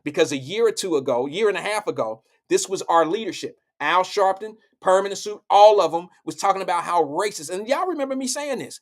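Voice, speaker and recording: Blunt, profane man with a high voice. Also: animated, a little fast, few pauses. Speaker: live show host. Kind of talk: political commentary.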